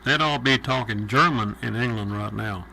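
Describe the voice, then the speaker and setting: A man's voice: medium pitch, normal speed, gravelly, background noise. A man hosting a call-in radio show, folksy and opinionated. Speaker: radio talk show host.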